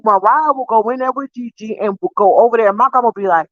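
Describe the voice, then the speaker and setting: A young adult woman casually telling stories to her viewers in an animated, profane, laughing way. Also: fast, no room sound. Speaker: vlogger. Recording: dull, dry low-fi sound.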